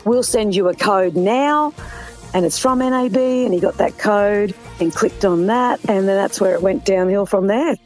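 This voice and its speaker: A woman, an interviewee telling in a chatty, animated way how she and her partner were scammed. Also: medium pitch, normal speed, faint music behind, low-quality recording. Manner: chatty, animated storytelling with laughs. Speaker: interviewee, scam victim. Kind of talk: emotional retelling in an interview.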